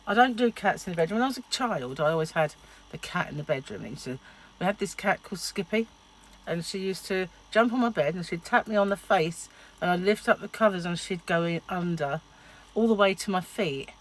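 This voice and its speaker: A woman's voice: lowish voice, brisk. A middle-aged woman vlogging in a casual, chatty way, telling stories and laughing often. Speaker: diet vlogger. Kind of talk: casual chat.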